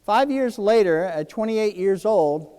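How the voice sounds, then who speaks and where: A man's voice: sits high, measured pace, clear, resonant tone, in a large hall. A man in his sixties from New Jersey gives a keynote speech, telling a personal story and acting out the dialogue. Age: 60s. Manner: animated, acts out quoted dialogue. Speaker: keynote speaker.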